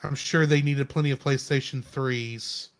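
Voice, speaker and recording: A man co-hosting a live stream, chatting casually about a movie in an animated, rambling way with lots of restarts. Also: mid-range voice, moderate pace. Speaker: podcast co-host. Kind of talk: casual film review chat.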